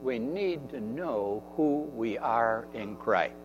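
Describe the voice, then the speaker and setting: A man's voice: mid-range voice, animated, slow pace, long reverb tail, faint music behind. A man preaching a sermon in an earnest way, repeating phrases for emphasis. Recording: dull recording with faint mains hum.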